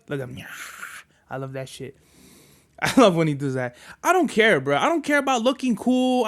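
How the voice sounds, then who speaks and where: A young man hosting a casual solo podcast, rambling and swearing, dropping slang like "bruh" between every thought. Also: high-pitched. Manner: soft, cooing baby talk to his dog. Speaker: podcast host.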